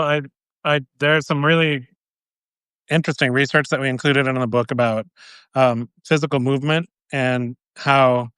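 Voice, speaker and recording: Man with a smooth, dry voice. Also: medium pitch, a bit bright, dry recording. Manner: measured, with many um fillers. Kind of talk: casual interview answers.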